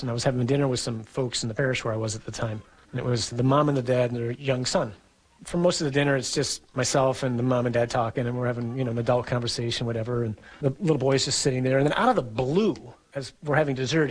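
A middle-aged man, a priest, giving an earnest, conversational sermon with a husky voice and the odd chuckle. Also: mid-range voice, poor audio.

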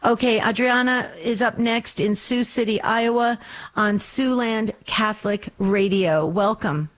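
A woman's voice: a little high, measured pace. A woman hosting a call-in radio show, encouraging and comforting callers and addressing them by name. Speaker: radio host.

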